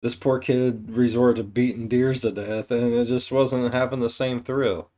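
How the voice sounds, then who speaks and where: Blunt, swearing reaction host. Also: male voice, mid-range voice, steady tone, a little slow, warm tone. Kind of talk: casual reaction commentary.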